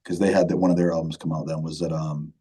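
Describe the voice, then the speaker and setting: A man's voice: a bass voice, level tone, quick pace, dark tone, breathy edge, rough recording. A man in his thirties from Michigan, a band vocalist chatting casually in an interview, laid-back, with lots of fillers and repeated words, often calling the host "man". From Michigan, USA.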